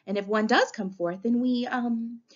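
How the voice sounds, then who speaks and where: A woman's voice: fairly high pitch, animated, quick pace, pitched above the performer's own voice. A woman voicing a fussy, chirpy female escort who trills her words in an affected way, on a dull lo-fi recording. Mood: gushing. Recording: dull lo-fi audio.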